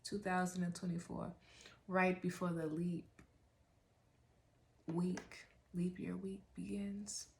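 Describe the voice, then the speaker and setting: A woman's voice: lowish voice, level tone, takes it slowly, vocal fry, pauses often, a little mellow, a little hiss or hum. A woman astrologer giving a casual spiritual reading, slangy and emphatic, repeating her phrases and encouraging her listeners. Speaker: astrologer and tarot reader.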